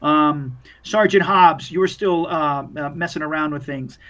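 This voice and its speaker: A man's voice: a little high, unhurried, bright, forceful tone. A young man narrating a horror tabletop game as game master, in a loose, profane, filler-heavy way.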